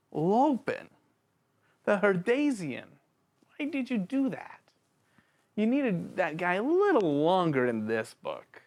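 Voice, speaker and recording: A channel host giving a casual, excitable spoken book review, joking around and talking straight to the author and characters. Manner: excitable and jokey, with big swings in pitch; addresses the author and characters directly, playful slang.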